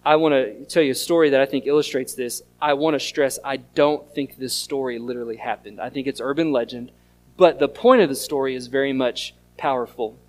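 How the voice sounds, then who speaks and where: A pastor, preaching an earnest sermon that mixes scripture reading and storytelling. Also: male voice, mid-range voice. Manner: earnest teaching tone, reads scripture aloud and tells stories.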